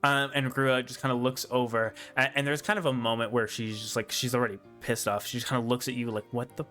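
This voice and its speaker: Game master guy rambling casually, bright voice, faint music. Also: medium pitch, fast. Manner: relaxed, rambling, full of fillers and laughs. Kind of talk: narrating a tabletop game.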